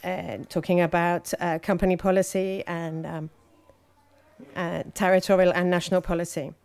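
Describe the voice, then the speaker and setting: A woman's voice: fairly low pitch, flat delivery, gravelly, darkish tone, clear, resonant tone. Hesitant woman interpreting a conference talk. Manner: hesitant, frequent fillers and halting phrases.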